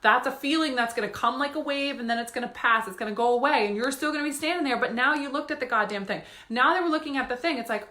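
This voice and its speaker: A woman's voice: high voice, quick pace, hardly any pauses, fairly bright tone, echoey room. A woman money coach giving a casual motivational talk on a live stream, swearing and laughing as she talks.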